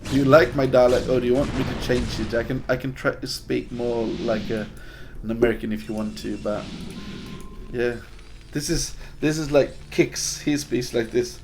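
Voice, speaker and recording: A man's voice: medium pitch, steady tone, moderate pace, soft background music. A man from Sweden, a native Swedish speaker, casting a game in English in a chatty, hesitant way while answering viewer chat. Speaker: game caster. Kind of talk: casual live-stream game commentary.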